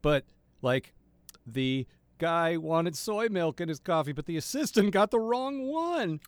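A man's voice: a little high, sing-song, measured pace, smooth, no echo. A man co-hosting a podcast, reviewing a cartoon in casual chat with exasperated, cynical rants. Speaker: podcast co-host.

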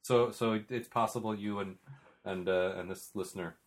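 A man with a fairly low voice hosts a casual podcast chat. He reads out listener questions and rambles through his answers, restarting sentences often. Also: steady tone, normal speed. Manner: rambling, restarts often, chuckles between remarks.

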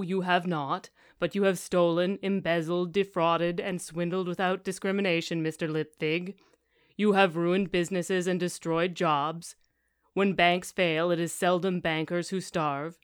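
A woman reading aloud the lines of a calm, rumbling male golem who speaks in a formal, literal, measured way. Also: smooth, no echo, studio quality, close to an everyday voice. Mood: calm, stern.

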